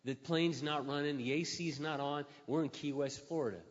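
A middle-aged Christian man telling an animated, self-mocking personal story and acting out the dialogue. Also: on the high side, normal speed. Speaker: Christian speaker. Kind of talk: storytelling talk. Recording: echoey hall, muffled sound.

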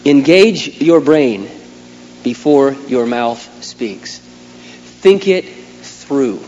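A middle-aged man preaching a sermon as a pastor, swinging from quiet asides to loud, emphatic outbursts. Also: medium pitch, lively intonation, extremely slow, lo-fi sound. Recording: long hall reverb, faint hum.

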